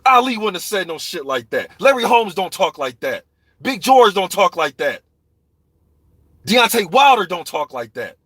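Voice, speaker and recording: A man's voice: sits high, big pitch swings, normal speed, a bit bright, slightly rough, dry recording. A man ranting heatedly and profanely about boxing, talking straight to viewers in a live chat. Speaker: boxing commentator. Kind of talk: ranting live stream commentary.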